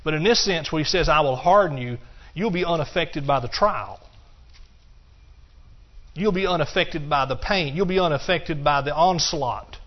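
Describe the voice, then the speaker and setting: A man preaches in a church, swinging between quiet explanation and emphatic cries of hallelujah. His voice sits a little higher than usual for a man. The recording is muffled and lo-fi. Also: normal speed. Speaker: pastor. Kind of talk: sermon.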